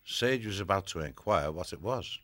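A man narrating a children's fantasy audiobook in a measured, even storytelling manner. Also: deep voice, no room sound.

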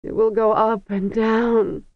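A narrator voicing a whimpering frightened princess. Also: female voice, mid-range voice, little pitch movement, unhurried, vocal fry, no room sound, muffled recording, pitched above the performer's own voice.

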